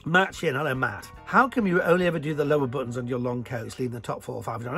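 Gravelly, chatty man from the north. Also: medium pitch, fast talker, hardly any pauses, soft background music. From northern England. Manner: chatty, animated, jokey asides. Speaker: presenter answering viewer questions. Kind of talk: casual Q&A chat.

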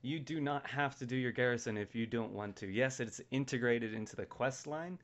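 A man's voice: medium pitch, fairly quick. A man hosting a casual gaming podcast, laughing often and reading out listener mail. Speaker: podcast host. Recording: dull lo-fi podcast audio.

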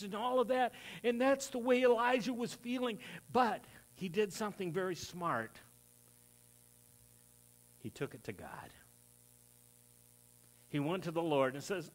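A preacher speaks a little slowly and with lots of expression, leaving long pauses as he tells stories from the pulpit of a church sanctuary. He voices the people he quotes, pushing his pitch upward for them.

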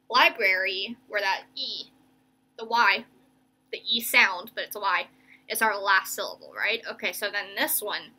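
A young woman teacher giving a remote reading lesson to children, slowly stretching out each word as she sounds it. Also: on the high side, bright, forceful tone, husky. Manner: slow, stretched-out sounding of words.

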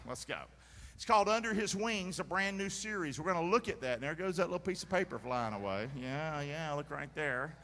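Bright-voiced pastor preaching. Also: male voice, fairly high pitch, a little fast. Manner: energetic, calls for congregation responses. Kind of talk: sermon. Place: large church sanctuary. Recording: long hall reverb in church.

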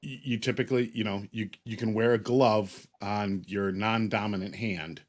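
Low-voiced joking bald man. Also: steady tone, moderate pace. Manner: joking, rambling storyteller with profanity. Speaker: co-host. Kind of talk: casual chat.

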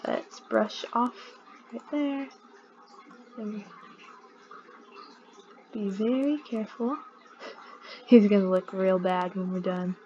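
Woman, let's-play commentary, giggly, chatty, slow talker, muffled lo-fi sound. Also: mid-range voice, mellow, slight background noise. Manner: giggly, chatty, talks to the game characters. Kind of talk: casual gameplay commentary.

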